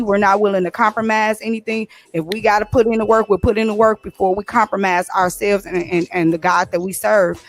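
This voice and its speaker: A woman co-hosting a radio talk show, chatting casually and excitably and laughing often. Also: mid-range voice. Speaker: podcast co-host.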